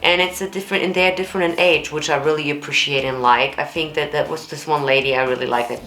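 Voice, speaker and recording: A woman's voice: very deep voice, fairly bright tone. A woman vocal coach, chatting enthusiastically as she reacts to a performance. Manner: enthusiastic, chatty, repeats words often. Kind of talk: reaction commentary. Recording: echoey room with faint music.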